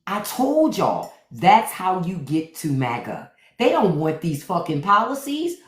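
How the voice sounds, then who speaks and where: A woman hosting a livestream, giving blunt, profane, mocking commentary straight to her viewers. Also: on the low side. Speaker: livestream host. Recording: roomy echo.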